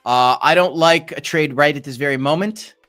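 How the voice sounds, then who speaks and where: A man's voice: on the high side, moderate pace, a bit bright. A man hosting a casual crypto livestream, who rambles through market talk with many fillers and restarts. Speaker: crypto channel host.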